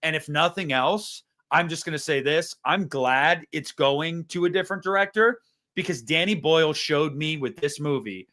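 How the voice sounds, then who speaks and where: Young guy, high voice, ranting and cussing, exasperated podcast movie review. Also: moderate pace, sharp tone. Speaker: podcast co-host. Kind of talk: casual film review chat.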